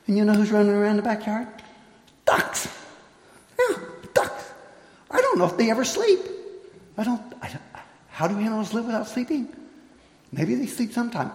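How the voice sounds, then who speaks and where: Man, children's storyteller, animated and playful, pitch rising and falling a lot, slightly higher voice, echoey hall. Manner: animated, playful, calls out to kids. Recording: echoey hall with long reverb.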